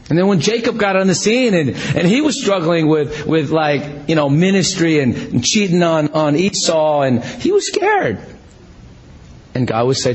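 Animated husky-voiced man preaching a sermon. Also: on the high side, normal speed, poor audio. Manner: conversational, animated, self-deprecating humor, frequent restarts. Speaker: pastor.

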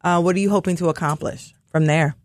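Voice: mid-range voice, steady tone, fast, no room sound. Casual interviewer, dry close sound, rambling questions, lots of fillers. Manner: rambling, restarts questions, frequent "like" and "um".

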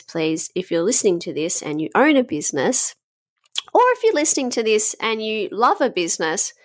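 Speaking into a podcast microphone, this Australian host in her thirties keeps her solo show casual and candid, cursing often and wandering away from the subject. Her voice is medium-pitched and fairly bright, in studio quality with no echo.

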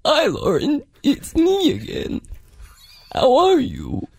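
A sugary, sing-song alter-ego mother , put on by a woman coos in a high, stretched-out voice. Her pitch climbs well above an ordinary speaking voice, and the words come slow and drawn out. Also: huge pitch swings, vocal fry, darkish tone, no room sound, full character voice. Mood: cooing.

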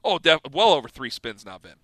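Animated bright-voiced male radio host. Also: a little high, a little fast, dry recording. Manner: animated, laughing storyteller who acts out scenes. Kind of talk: casual storytelling on sports radio.

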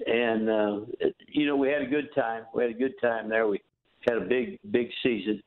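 A man's voice: mid-range voice, moderate pace. Folksy older man on a phone line. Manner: folksy, animated storytelling with quoted dialogue. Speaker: former football coach, guest. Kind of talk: storytelling interview.

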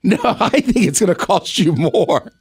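A man's voice: high-pitched, expressive, moderate pace, creaky, darkish tone, husky, dry recording, clean studio sound. A man co-hosting a podcast in casual chat, a skeptical storyteller who laughs often. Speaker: podcast co-host.

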